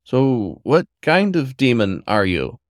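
Man doing a flustered, squeaky young otter. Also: sing-song, slow, no room sound, studio quality. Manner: nervous, raised, breathy yelps.

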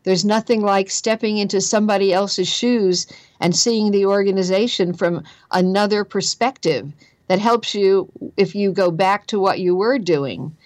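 A woman with a medium-pitched voice and a New Jersey accent appears as a guest author discussing careers in a conversational interview. She is emphatic and earnest, repeating phrases for stress, and the recording is dry.

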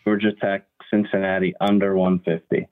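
A man giving a betting pick as a guest, calm and matter-of-fact, calling in by phone. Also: sits low, moderate pace. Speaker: guest handicapper. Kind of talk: call-in sports picks. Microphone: phone line. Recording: dry, tinny phone line.

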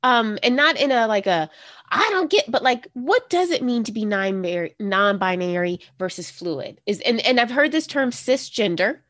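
A woman's voice: mid-range voice, animated, normal speed, hardly any pauses, fairly bright tone. A woman co-hosting a podcast, curious and full of questions, telling stories from her own life. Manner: curious, asks questions, tells anecdotes. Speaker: podcast co-host. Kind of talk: casual podcast chat.

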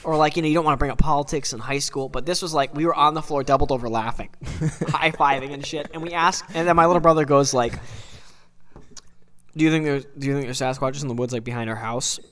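A man's voice: a little high, quick pace. A young man, a podcast co-host, telling a comedic story with lots of swearing and acted-out voices. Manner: animated, swearing, acts out voices.

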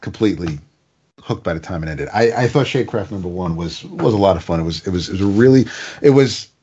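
Deep husky man rambling through a recap. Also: lively intonation, fast talker, dark tone, lo-fi sound. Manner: rambling plot recap with stammered restarts. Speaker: comic book reviewer. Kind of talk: casual spoken review.

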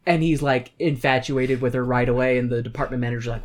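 A woman's voice: extremely low pitch, fairly even intonation, quick pace, heavy background noise. A woman co-hosting a casual podcast chat, talking in a chatty way, laughing often and swearing now and then. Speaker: podcast co-host. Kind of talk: casual chat reviewing a musical.

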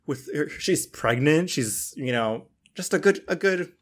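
A man's voice: fairly high pitch, animated, unhurried. A man hosting a film podcast, rambling casually with fillers, restarts and casual swearing. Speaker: podcast host. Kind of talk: casual chat.

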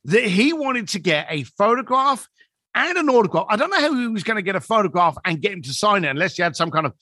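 A man's voice: sits high, quick pace, dry recording, studio quality. A man telling a story as a podcast guest, acting out the dialogue as he goes. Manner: animated storyteller who acts out quoted dialogue.

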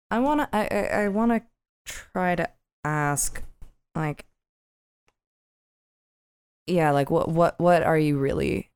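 A woman playing a tabletop role-playing game thinks aloud in a hesitant way. Her voice sits low and has a gravelly fry. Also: a little mellow. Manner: hesitant, lots of restarts and fillers. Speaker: player. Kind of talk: casual tabletop play.

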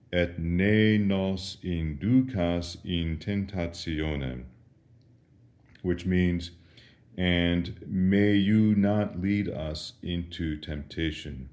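A man, a priest, patiently teaching Latin responses in a slow lesson, pausing for the listener to answer each question. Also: sits low, darkish tone. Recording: roomy echo.

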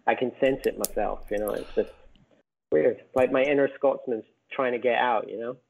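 A man from Scotland with a softened Scottish accent, chatting casually as a podcast guest, rambling and correcting himself as he goes. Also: medium pitch, fairly even intonation, normal speed, creaky, a little hiss or hum. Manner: rambling, self-correcting, chuckles often. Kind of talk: casual chat. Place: home in Vietnam. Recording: tinny phone-like remote call.

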